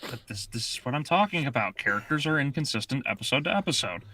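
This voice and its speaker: A wry man joins a casual chat as a guest, cracking jokes. His voice is strikingly bright and sharp, sitting in a middle pitch. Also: expressive, fast, a little hiss or hum. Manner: wry, joking. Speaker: podcast guest.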